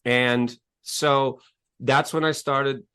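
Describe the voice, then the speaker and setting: A man's voice: medium pitch, fairly even intonation, extremely slow, pushed and bright, clear, resonant tone. A man, a guest telling a personal story in a conversational interview, earnest and emphatic, often repeating his words. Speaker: guest, coach and author.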